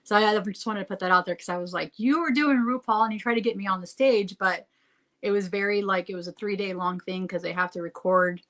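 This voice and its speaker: A woman's voice: mid-range voice, steady tone, quick pace, a bit bright. A woman who is a guest on a podcast, chatting casually, often stumbling and restarting her sentences, with many uses of "like". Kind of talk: casual chat.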